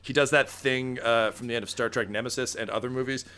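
Game master, a man with a bright, clear voice, relaxed and full of fillers. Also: medium pitch, quick pace. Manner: laid-back, many fillers. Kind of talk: narrating a tabletop game. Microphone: video call.

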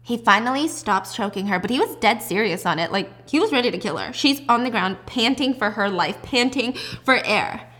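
A woman casually recapping a drama plot in a chatty, animated way with side remarks. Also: a little high, normal speed, few pauses. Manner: chatty, animated retelling with asides.

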